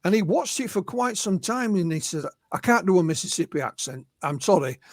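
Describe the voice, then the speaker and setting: Higher-voiced English man telling stories. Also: very animated, fairly quick, no room sound. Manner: recounts witness stories, often quoting them. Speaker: guest researcher and author. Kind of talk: conversational storytelling interview.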